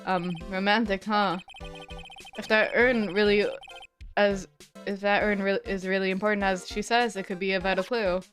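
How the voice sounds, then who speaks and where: A woman's voice: medium pitch, steady tone, normal speed, fairly bright tone, lightly acted. A woman reading the lines of an earnest young male defense attorney, plainly and inquisitively, over faint game music. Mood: questioning.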